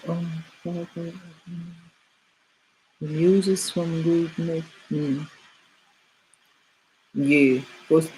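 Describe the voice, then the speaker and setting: A woman's voice: low voice, slight background noise, low-quality recording. A middle-aged woman hosting a casual group chat, rambling with many fillers and restarts.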